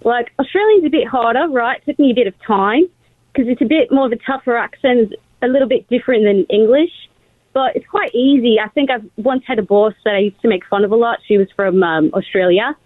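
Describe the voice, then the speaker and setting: A chatty, self-assured woman from Brooklyn calls in. Her voice sits a little high. The line is dry and tinny, like a phone. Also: brisk, no echo. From Brooklyn, New York. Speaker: caller.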